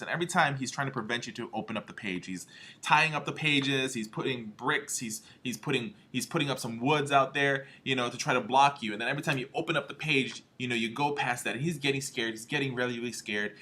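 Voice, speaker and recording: A man's voice: medium pitch, sharp tone. Emphatic man giving a marketing training talk. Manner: emphatic, peppers lines with "all right?" and "okay?". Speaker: home health marketing trainer.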